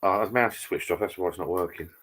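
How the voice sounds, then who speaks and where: A man hosts a relaxed live stream from his home bar, speaking into a laptop. His voice sits very low. He drifts from story to story and calls out to viewers by name. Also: fast talker, background noise. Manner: chatty, rambling, greets viewers by name. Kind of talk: casual live chat with viewers.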